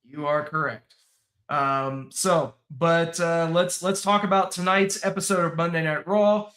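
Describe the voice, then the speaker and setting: A man's voice: on the high side, fairly even intonation, unhurried, a bit bright. A man hosting a podcast in casual chat, leading in with hesitant fillers. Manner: hesitant, filler-heavy lead-ins. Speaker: podcast host.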